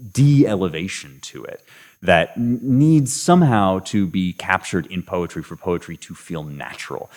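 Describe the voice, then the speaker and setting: A man's voice: deep voice, darkish tone. A man hosting a podcast, talking through poetry in a thoughtful, casual way with frequent restarts and hesitations. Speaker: podcast host. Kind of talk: casual literary commentary.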